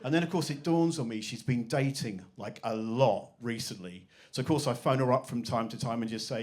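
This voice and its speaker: A man's voice: mid-range voice, brisk, few pauses, darkish tone. A man in his forties doing a stand-up comedy set on a club stage, swearing freely and acting out his family's lines. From England. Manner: swearing, acts out quoted voices of his family.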